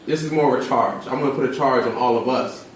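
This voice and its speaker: A man's voice: mid-range voice, fast, far from the mic, slight background noise. Twenty-something man in an echoey room. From Philadelphia. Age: 20s. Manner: animated, slangy storytelling with acted quotes. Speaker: charter school worker. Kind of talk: casual discussion.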